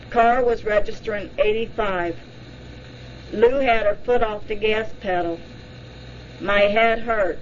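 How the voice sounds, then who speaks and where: A woman voicing a shaken woman recalling a strange encounter under hypnosis, halting and dazed, on a dull lo-fi recording. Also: medium pitch, a little hiss or hum, natural voice.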